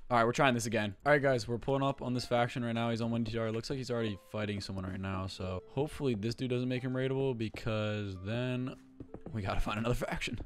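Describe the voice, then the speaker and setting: A man giving frantic, excitable live commentary over his own gameplay, swearing often. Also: medium pitch. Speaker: gaming video creator.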